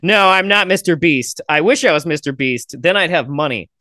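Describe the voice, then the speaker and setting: Casual male podcaster, lively pitch, dry close mic. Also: normal speed, no room sound. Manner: chatty joke telling with fillers. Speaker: podcast host. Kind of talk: casual video chat with strangers.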